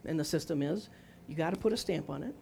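A woman's voice: deep voice, fast, vocal fry, warm tone, slight background noise. Woman in her sixties, sermon, testimony style, talks straight to the congregation, acts out quotes. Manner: conversational, testimony-style, asks the audience questions; acts out her own and God's words in quoted lines. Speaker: preacher.

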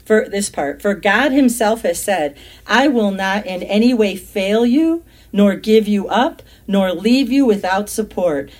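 A woman's voice: mid-range voice, animated, a little slow. Emphatic woman leading a Bible study. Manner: emphatic, rising and louder when reading verses aloud. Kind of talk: casual Bible teaching.

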